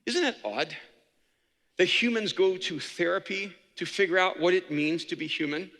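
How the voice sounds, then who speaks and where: Funny preachy guy giving a big talk in a hall, bright ringing voice. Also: high voice, moderate pace. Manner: humorous, preacherly, dynamic. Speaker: speaker. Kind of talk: inspirational talk. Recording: echoey hall reverb.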